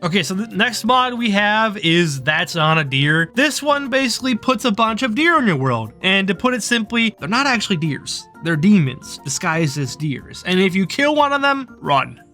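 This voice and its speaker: Bright, high-voiced young man ranking game mods. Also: big pitch swings, normal speed, few pauses. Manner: casual, upbeat, swears when startled. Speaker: gaming YouTuber. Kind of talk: casual ranking commentary. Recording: faint background music.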